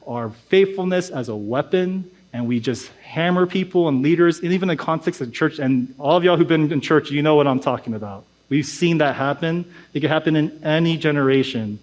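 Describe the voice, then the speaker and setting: A man pastor preaching a sermon in a casual, conversational way, acting out little voices of churchgoers and saying "dude" and "like" often. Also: a little high.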